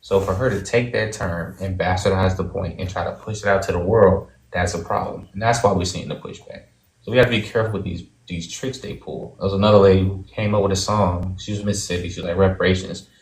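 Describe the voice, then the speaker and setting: Man, talk-show caller, very low voice, roomy echoey sound, cautionary tone. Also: fairly even intonation, quick pace, gravelly. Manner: emphatic, cautionary. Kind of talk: call-in talk commentary.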